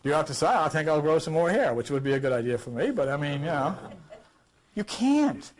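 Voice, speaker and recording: A man's voice: on the high side, big pitch swings, a little fast. A man teaching an informal Bible study class, emphatic and full of rhetorical questions, coughing now and then.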